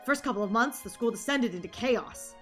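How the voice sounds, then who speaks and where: A woman voicing a brash male high school vice president from a visual novel, pushy and teasing. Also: fairly quick, a bit bright, soft background music, lightly acted. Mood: gossiping.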